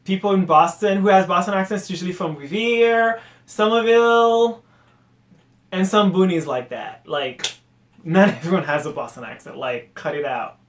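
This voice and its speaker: A man rants on his solo podcast in a high-pitched voice. He is animated and exasperated, then drops to quiet mutters. The room around him rings with a noticeable echo. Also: normal speed. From Haiti. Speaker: podcast host. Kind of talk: casual solo rant.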